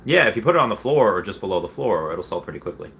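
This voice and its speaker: A man's voice: fairly low pitch, big pitch swings, rapid-fire, creaky, fairly bright tone, slight background noise. A young man casually chatting on a livestream, rambling with many fillers as he reads chat messages and reacts. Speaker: streamer reading chat.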